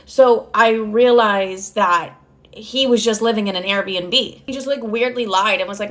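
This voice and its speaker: A young woman casually ranting through a storytime, swearing freely and acting out what people said. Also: medium pitch. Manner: animated, swearing, acts out quotes.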